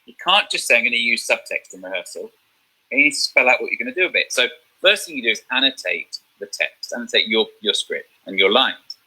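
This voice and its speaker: A man's voice: medium pitch, expressive, fairly quick, sharp tone, breathy edge, rough recording. A man teaching a drama revision lesson, explaining step by step and checking in with "okay?".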